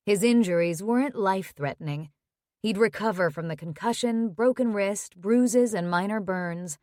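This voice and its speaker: A woman narrating a romance audiobook in a measured, even reading. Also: medium pitch, no room sound, studio quality.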